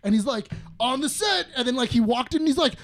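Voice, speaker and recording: A podcast co-host in casual chat who tells rambling, excited stories and gets louder and higher while acting out what others said. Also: fast. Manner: rambling storyteller, excited, acts out quotes in a high voice.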